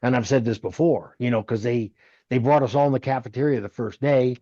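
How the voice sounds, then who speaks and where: A man in his sixties who tells stories with animation and jumps into other people's voices as he goes. His voice sits at an ordinary middle pitch. The sound is dull and lo-fi, and very dry, with no room around it. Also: fairly quick, no room sound. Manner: animated storyteller who acts out others' lines. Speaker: guest, former wrestler. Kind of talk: storytelling interview.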